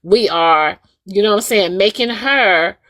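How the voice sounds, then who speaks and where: A woman's voice: mid-range voice, measured pace, no room sound, studio quality. A woman hosting a livestream, talking casually and emphatically to her viewers and repeating her points. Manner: animated, repetitive, emphatic addressing of viewers. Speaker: livestream host.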